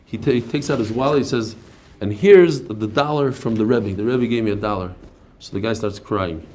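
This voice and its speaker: A man giving a daily Talmud class, telling stories with quick asides. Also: lowish voice. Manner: animated storytelling, quick asides. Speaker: Talmud teacher. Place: study hall class.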